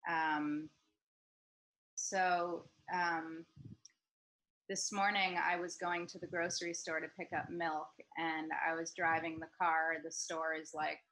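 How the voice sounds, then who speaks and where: A woman's voice: deep voice, flat delivery, takes it slowly, sharp tone, low-quality recording. A woman hosting an online group talk, telling a story with many ums and restarts. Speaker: host of a group discussion. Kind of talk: casual storytelling. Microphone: video call.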